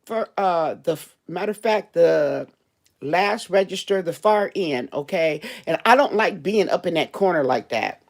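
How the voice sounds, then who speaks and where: A woman who works as a cashier, telling a story in a casual vlog and talking straight to her viewers in a chatty, animated way. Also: medium pitch, gravelly.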